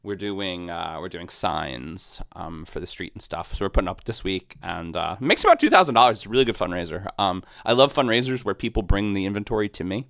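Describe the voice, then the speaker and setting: Lively, low-voiced man chatting casually. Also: fairly quick, vocal fry, few pauses, no room sound, clean studio sound. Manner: joking, rambling with many fillers. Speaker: co-host. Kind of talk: casual podcast chat.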